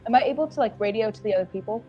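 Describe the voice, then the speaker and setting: A woman's voice: on the high side, rapid-fire. A woman playing in a tabletop game, chatty and upbeat, recorded on a slightly dull mic with faint music behind. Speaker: player.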